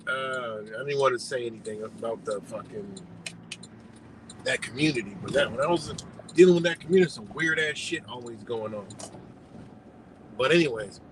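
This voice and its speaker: A man hosting a live stream, telling a story in a loose, profane, animated way and laughing often. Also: mid-range voice, normal speed, long pauses, background noise. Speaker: livestream host.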